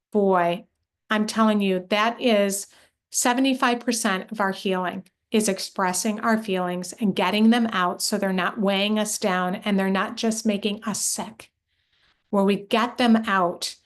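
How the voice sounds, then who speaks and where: A middle-aged woman leading a workshop for moms, speaking in an earnest, encouraging way and putting questions straight to her listeners. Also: medium pitch. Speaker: workshop leader and coach for moms. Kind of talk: live online workshop talk.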